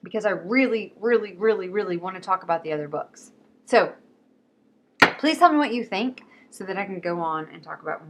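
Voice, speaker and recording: A woman talking casually and excitedly about books, quick and swearing freely. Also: medium pitch, a little hiss or hum. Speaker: book vlogger. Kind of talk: casual chat.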